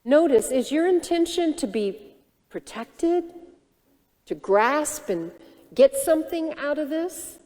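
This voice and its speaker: A woman minister giving a sermon, teaching gently and reflectively and posing questions to the congregation. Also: sits high, lively intonation, takes it slowly, big-room sound. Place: church sanctuary.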